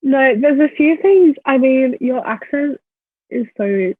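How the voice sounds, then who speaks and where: A young woman with an Australian accent, joining a podcast as a guest and teasing her friend with frequent laughter. Her voice is slightly husky. She comes through a tinny, phone-like call line, dry with no room sound. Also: high-pitched, animated, slow, no echo. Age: young adult. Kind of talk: casual chat.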